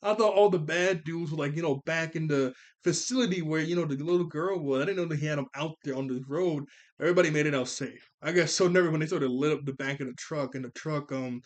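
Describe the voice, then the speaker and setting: A man with a slightly high voice talks through a film he watched, in a loose, rambling way. He gets excited and keeps correcting himself as he goes. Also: quick pace. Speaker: movie reviewer. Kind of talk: casual movie recap.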